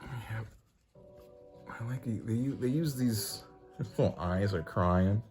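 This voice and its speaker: A man's voice: on the low side, takes it slowly, music in the background. A man casually reviewing a comic book, rambling with lots of fillers and frequent chuckles. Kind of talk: casual commentary.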